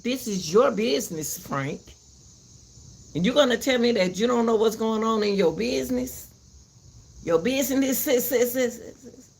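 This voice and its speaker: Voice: mid-range voice, animated, normal speed, gravelly, slightly rough. A host giving a heated commentary rant, repeating herself and cursing as she vents. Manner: fiery, repeats herself, cusses.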